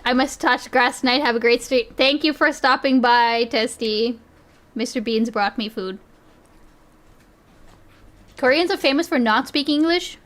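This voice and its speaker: A woman's voice: sits high, measured pace, pauses often, fairly bright tone. A woman streamer chatting casually, constantly restarting and interrupting herself. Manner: self-interrupting, frequent restarts and laughs. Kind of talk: casual chat.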